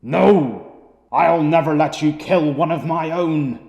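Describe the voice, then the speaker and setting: A man's voice: on the high side, slow pace, mellow, roomy sound, in a large hall. A man playing a determined young hero who speaks firmly and steadily. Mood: resolute.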